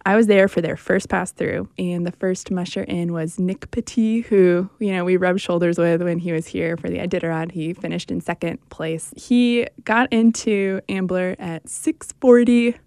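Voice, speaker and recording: A woman's voice: lowish voice, fairly even intonation, normal speed, few pauses, darkish tone, no echo, clean studio sound. A young woman radio reporter chatting casually and enthusiastically, with lots of "like"s.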